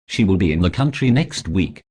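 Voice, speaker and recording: A man's voice: low voice, very animated, a little fast, a little mellow, breathy edge. A man narrating a story in the first person as a scripted audiobook reading.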